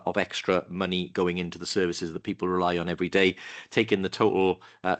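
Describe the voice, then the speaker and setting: A man leading a council meeting, speaking formally in a halting way with frequent pauses, in a council meeting room. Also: deep voice, a bit bright. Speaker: council leader.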